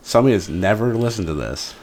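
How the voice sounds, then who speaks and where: A man's voice: fairly low pitch, fast talker. A man co-hosting a podcast in casual chat, telling stories animatedly and acting out what people said. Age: adult, parent of an eight-year-old. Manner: animated storyteller acting out quotes. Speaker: podcast co-host.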